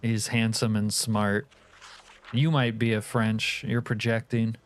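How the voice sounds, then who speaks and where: A man's voice: fairly low pitch, little pitch movement, slow. A man streaming a game live, chatting casually with his viewers in a joking, profane way. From California. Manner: joking, profane banter with chat.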